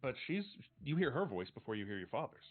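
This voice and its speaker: A man narrating as game master of a tabletop game, relaxed and halting, with many fillers. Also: mid-range voice. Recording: tinny phone-like stream audio with faint music.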